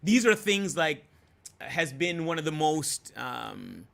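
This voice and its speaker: A young man telling a personal story as a podcast guest in a relaxed, easygoing way, full of fillers. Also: fairly high pitch, takes it slowly, gravelly. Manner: relaxed, many fillers like "you know" and "um". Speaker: guest, host's husband. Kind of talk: casual storytelling.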